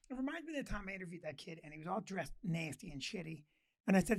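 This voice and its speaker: A man's voice: high-pitched, animated, fast. An older man co-hosting a casual talk show, telling stories in a blunt, joking way. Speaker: co-host. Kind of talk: casual chat.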